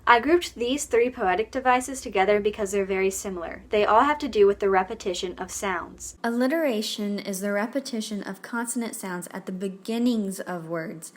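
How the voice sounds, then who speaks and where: Brief: young female tutorial host, measured scripted delivery, clear and even. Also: mid-range voice. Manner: clear, measured, reads out terms and examples one by one. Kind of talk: scripted explainer narration.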